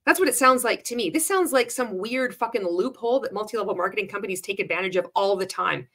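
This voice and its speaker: A woman's voice: medium pitch, quick pace, a bit bright. A woman delivering sarcastic commentary on a clip she is watching. Her talk is blunt and full of swearing. She breaks into laughter between remarks. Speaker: commentator reacting to a sales pitch. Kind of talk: casual commentary.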